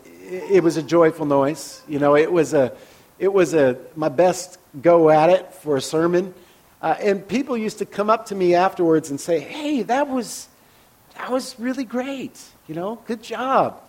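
A man preaching a conversational sermon as a pastor, candid and personal, often dropping into soft, hushed asides. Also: on the high side.

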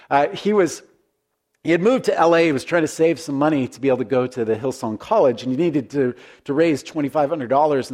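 A male pastor giving a relaxed, conversational sermon. His voice sits a little higher than most men's, and he talks in an earnest, folksy way, often restarting his phrases as he goes.

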